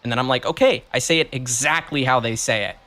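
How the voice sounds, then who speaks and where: A man's voice: mid-range voice, fast, sharp tone. A man chatting casually while playing his game, giggling, rambling and cutting himself off mid-sentence. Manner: giggly, rambling, self-interrupting. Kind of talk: casual let's-play chat.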